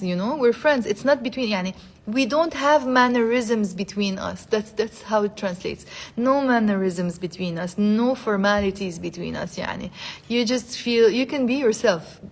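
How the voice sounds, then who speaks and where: A woman with a Lebanese accent teaching Arabic expressions in a live online lesson, chatty and animated, repeating phrases slowly for her learners. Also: on the high side. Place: indoors, streaming live to social media.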